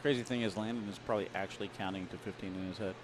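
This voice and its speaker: A man's voice: fairly low pitch, fairly even intonation, very fast, background noise. A male commentator calling a tournament match live, in joking play-by-play patter.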